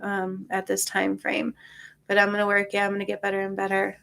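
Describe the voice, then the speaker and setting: A woman of middle pitch talks in a casual livestream, tired but reassuring, answering her viewers one by one. Her voice comes through a phone or webcam mic. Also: completely flat delivery, brisk, gravelly, fairly bright tone. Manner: chatty, reassuring, reads and answers viewer comments. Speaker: spiritual livestream host.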